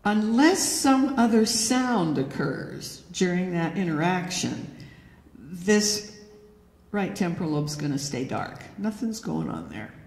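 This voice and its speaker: A woman's voice: fairly low pitch, big pitch swings, slow pace, a little mellow. A woman giving an educational talk to an audience, telling anecdotes and acting out the quoted dialogue. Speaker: lecturer. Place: church hall. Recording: echoey hall with long reverb.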